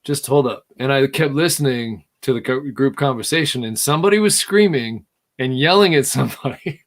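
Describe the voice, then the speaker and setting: Man, middle-aged, podcast host, casual storytelling, animated, laughs often, mid-range pitch. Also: fairly quick.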